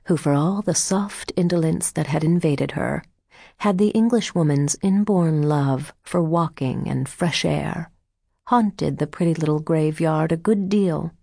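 Low, gravelly woman reading a novel. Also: dark tone, no room sound, clean studio sound. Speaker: audiobook reader. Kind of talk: scripted narration.

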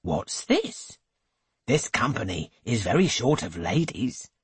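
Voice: mid-range voice, sing-song, slow pace, husky, no room sound, exaggerated voice. A reader voicing a well-off husband who dotes on his wife and blusters at his guests, in an audiobook. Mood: blustering. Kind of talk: audiobook character reading.

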